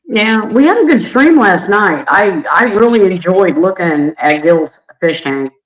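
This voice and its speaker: A man hosting a casual livestream, hoarse from allergies, friendly and greeting viewers by name. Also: high-pitched, expressive, measured pace, a bit bright, rough recording. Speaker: livestream host.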